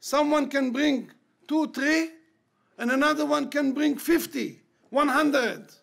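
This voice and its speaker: A man's voice: very high voice, slow, creaky, fairly bright tone. A man, a rabbi, preaching an impassioned storytelling sermon and repeating key words for emphasis.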